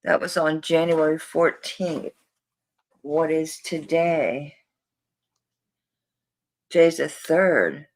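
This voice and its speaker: A woman's voice: low voice, takes it slowly, pauses often. A woman selling jewelry on a live stream, chatting to viewers in a flustered, rambling way while she searches through orders.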